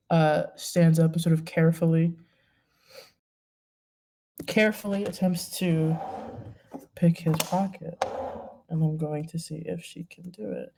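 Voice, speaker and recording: A woman narrating a tabletop game as game master, hesitant, with many pauses and fillers. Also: low voice, warm tone.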